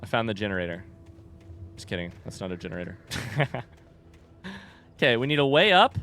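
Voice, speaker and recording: A man's voice: medium pitch, sing-song, a little fast, a bit bright, faint music behind. A young man casually chatting and joking while playing through a game. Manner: chatty, joking, yelps when startled. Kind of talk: casual gameplay commentary.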